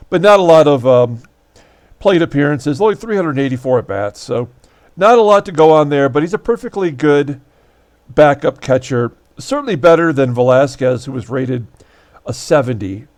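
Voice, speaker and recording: A man hosting his channel, talking casually and wryly through his tabletop baseball replay, with many fillers and sudden jumps in pitch. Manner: chatty, wry, frequent fillers, animated pitch jumps. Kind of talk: casual solo commentary.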